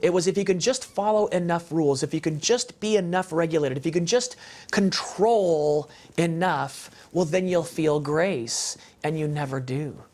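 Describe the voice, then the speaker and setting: A man's voice: fairly high pitch, normal speed, a little mellow. A man speaking as an interview guest in an impassioned, emphatic, preacher-like way about faith and family.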